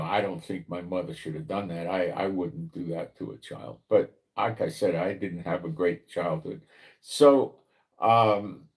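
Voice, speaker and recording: Man, lowish voice, rambling religious commentary, rhetorical questions. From New York, the Bronx. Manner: conversational, rambling, asks listener rhetorical questions. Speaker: prophecy commentator, channel host.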